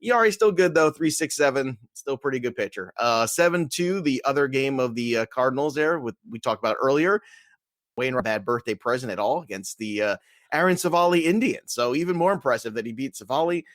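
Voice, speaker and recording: A man co-hosts a sports podcast loosely and jokingly, laughing often and staying animated while he runs through the scores. His middle-pitched voice is brisk and recorded dry, with no echo or room sound.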